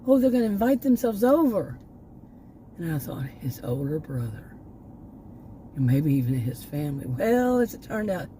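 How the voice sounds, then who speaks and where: Older lady rambling on her vlog, kinda breathless, low voice, little bit of hiss. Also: animated, moderate pace, long pauses, mellow, poor audio. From Texas, United States. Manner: rambling, with many restarts and asides. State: short of breath, voice going. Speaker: vlogger. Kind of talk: casual personal vlog talk.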